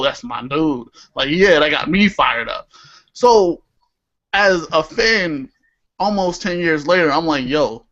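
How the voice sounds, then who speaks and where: A young man with a slightly high voice, co-hosting a wrestling-style chat podcast. He talks animatedly, laughs easily and swears when something annoys him. The audio is muffled and lo-fi. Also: bright, forceful tone. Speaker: podcast co-host. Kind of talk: casual chat.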